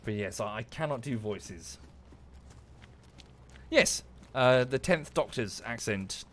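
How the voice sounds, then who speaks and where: Slow-paced and animated, a man of medium pitch speaks with a slightly bright tone against slight background noise. He's a livestreaming gamer from southern England with an Estuary English accent, talking casually as he plays, thanking viewers by name and swearing under his breath at the game.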